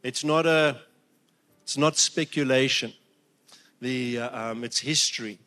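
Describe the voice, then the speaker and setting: A man's voice: medium pitch, measured pace, bright, forceful tone. A man delivering a sermon to his congregation. He speaks with heartfelt emotion, stumbling over restarts and then building to emphatic peaks. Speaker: preacher.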